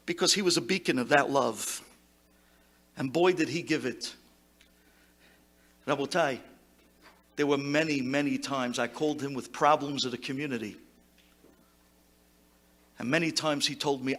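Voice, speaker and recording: Impassioned high, bright-voiced rabbi. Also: male voice, moderate pace, long pauses. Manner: impassioned, swinging from loud exclamations to hushed tones; sprinkles Hebrew words into English. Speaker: rabbi giving a eulogy. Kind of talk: memorial speech to a gathering.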